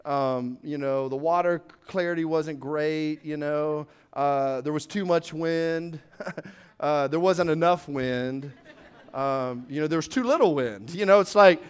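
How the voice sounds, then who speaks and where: A man's voice: a little high, a little slow, smooth. A man preaching a sermon as pastor, acting out scenes from the Bible with rising emphasis.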